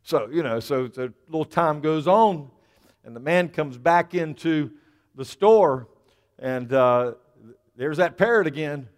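A man's voice: a little high, animated, measured pace. A man preaching a sermon as pastor in a church, talking in a conversational way and often repeating words as he goes. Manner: conversational, repeats words while telling a story. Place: church sanctuary. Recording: long hall reverb.

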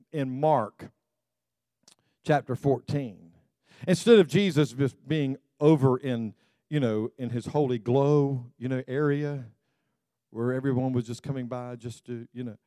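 A male pastor preaching a sermon in a conversational way, full of "you know" asides and quick laughs. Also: medium pitch, warm tone, no echo, studio quality.

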